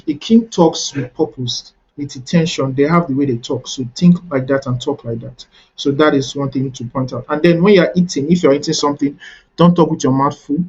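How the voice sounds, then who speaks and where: A man's voice: fairly high pitch, darkish tone, breathy edge, highs cut off. A man coaching a webinar audience on networking, teaching step by step and checking in with "right?" after key points.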